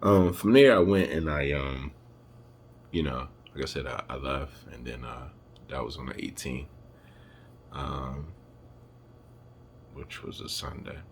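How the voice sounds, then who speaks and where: A man telling a personal family story to camera, emotional and halting as he searches for words. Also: extremely low pitch, creaky, slight background noise. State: emotional, holding back tears. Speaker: vlogger.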